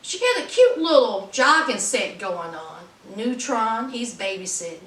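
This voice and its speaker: A woman's voice: a little high, unhurried, echoey room, distant mic, slight background noise. A woman recapping a reality TV show in casual, sassy commentary, full of playful asides. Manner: sassy, animated storytelling with playful quoted voices.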